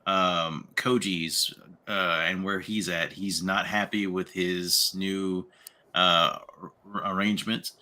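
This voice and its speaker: A man's voice: low-pitched, steady tone, slow pace, pushed and bright. A man co-hosting a casual book club chat, easygoing and agreeable as he recaps events. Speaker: co-host.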